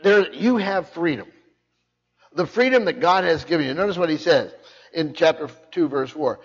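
An older pastor preaches with a fairly high voice, pressing his points hard and circling back over his words as he goes. The recording sounds muffled and low-fidelity. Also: lively intonation, moderate pace, breathy edge. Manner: repeats words and restarts, emphatic. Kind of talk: sermon.

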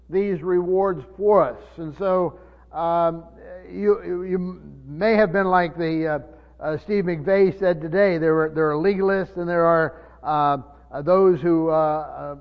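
A man preaching a sermon, teaching from the Bible in a halting way with many fillers and restarts, slowing down to stress key words. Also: sits high, steady tone. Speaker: pastor. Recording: muffled sermon recording in a reverberant hall.

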